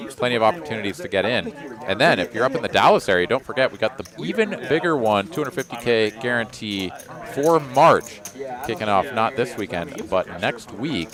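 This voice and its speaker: A man doing live poker commentary, relaxed and joking, with promotional asides. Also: lowish voice. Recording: busy card room crowd behind.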